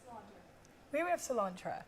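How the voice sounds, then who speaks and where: A woman's voice: mid-range voice, very animated, normal speed, background noise. A woman from England with a Kent accent, chatting and giggling as a guest on a cooking video. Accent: English, Kent. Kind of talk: casual chat while cooking.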